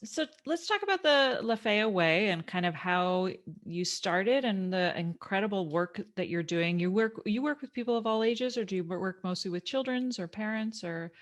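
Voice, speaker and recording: A woman's voice: medium pitch, expressive, moderate pace, few pauses. A woman hosting a casual interview podcast, sharing candid personal stories with her guest. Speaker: podcast host.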